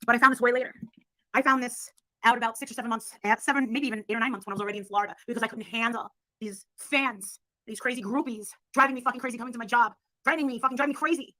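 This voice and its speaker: A woman telling a story in an excitable, profane way, acting out what others said. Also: a little high, rapid-fire, no echo, rough recording. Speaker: storyteller recounting past events. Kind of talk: animated casual storytelling.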